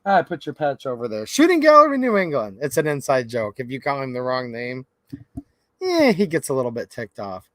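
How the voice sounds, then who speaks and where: A man's voice: mid-range voice, very animated, brisk, no room sound. Chatty upbeat man hosting a livestream. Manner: chatty, upbeat, addresses viewers as man and dude. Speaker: livestream host. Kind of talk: casual livestream chat greeting viewers.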